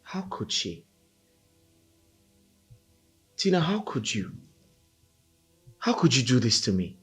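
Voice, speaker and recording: A man's voice: mid-range voice, very animated, a little slow, rough recording. An actor with a Nigerian accent playing a heartbroken, bitter husband in a Nollywood film, with music under his voice. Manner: bitter, accusing, shouting at times. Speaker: wronged husband. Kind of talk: Nollywood screen acting.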